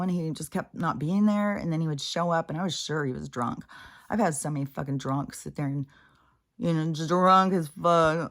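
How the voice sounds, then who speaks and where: Blunt, swearing woman, lowish voice. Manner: blunt, profane, rambling storytelling. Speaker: spiritual vlogger. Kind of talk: casual personal monologue.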